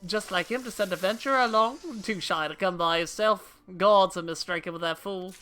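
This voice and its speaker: A woman voicing a rough, gruff man from a harbor town with an effortful put-on seafaring accent. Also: on the low side, brisk, a bit bright, pitched above the performer's own voice, close to an everyday voice.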